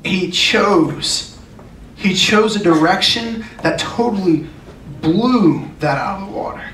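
A man's voice: sits high, animated, slow, a bit bright. A man preaching a sermon as a youth pastor, earnest and emphatic, often repeating his phrases. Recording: echoey room, distant mic, faint noise.

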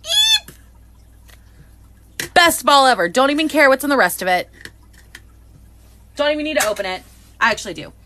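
A woman hosting a live unboxing, chatting excitedly and greeting viewers by name. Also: high-pitched, fast talker, long pauses, slight background noise. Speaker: live-stream host.

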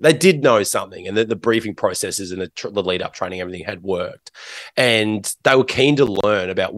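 A man's voice: on the low side, a little fast, fairly bright tone, dry recording, clean studio sound. Australian man telling stories, rambling. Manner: rambling, many restarts and fillers. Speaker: interview guest. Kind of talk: casual interview talk.

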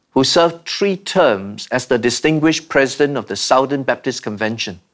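A man preaching a sermon, slow and measured, with dramatic pauses and repeated refrains. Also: mid-range voice. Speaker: pastor.

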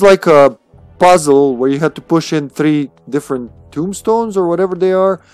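A man's voice: fairly high pitch, darkish tone, clean tone, no echo. A man streaming a video game, chatting casually and playfully, often laughing at himself. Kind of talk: casual gameplay commentary.

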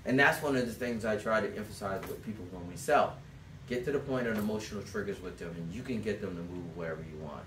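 A man giving a sales coaching talk to a small group, telling stories in a loose, animated way and acting out quotes. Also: on the low side, fast talker. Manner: animated storyteller, acts out quotes, loose rambling phrasing. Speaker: sales trainer. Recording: echoey room, mic at a distance, faint background noise.

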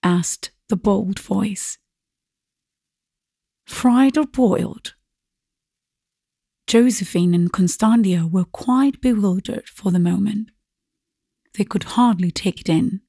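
A woman narrating a classic story aloud in a measured, husky voice. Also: medium pitch, warm tone, no echo, clean studio sound. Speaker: audiobook narrator. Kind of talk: scripted narration.

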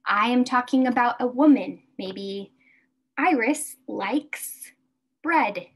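A woman leads a beginner English lesson with a fairly high voice. She talks very slowly and carefully, repeating each word so her learners can follow along. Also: lively intonation, breathy edge. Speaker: English teacher.

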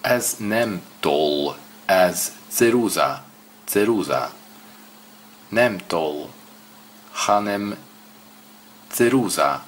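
Slow, low-voiced man. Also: expressive, a little hiss or hum. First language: Swedish. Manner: hesitant, repeats words aloud slowly. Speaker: language learner. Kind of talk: casual self-study walkthrough.

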